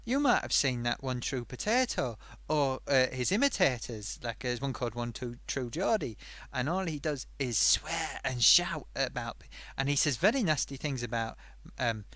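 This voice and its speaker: A man's voice: mid-range voice, expressive, normal speed, bright, forceful tone, dry recording. Man voicing a chatty sock puppet host. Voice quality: rambling, hums to himself while reading. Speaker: live stream host. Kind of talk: live stream chat reading viewer comments.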